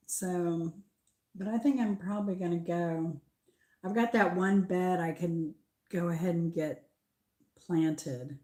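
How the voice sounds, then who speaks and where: An older woman with a light Southern American accent chats her way through a garden tour. She talks slowly and unhurriedly, drifting between thoughts with pauses. Her voice sits a little low for a woman. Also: dark tone. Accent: Southern American mix. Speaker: channel host. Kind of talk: casual garden tour chat.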